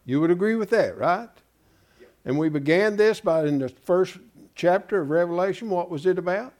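A man's voice: high-pitched, expressive, moderate pace, a little mellow. A man preaching a Bible-study sermon, emphatic and folksy, often asking his congregation rhetorical questions. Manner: folksy, calls listeners "folks".

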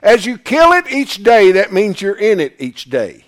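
Guy preaching, slow but swoopy voice, keeps asking the church questions. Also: high voice, wildly swooping pitch. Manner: emphatic, asks the congregation questions. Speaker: pastor. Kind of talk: sermon.

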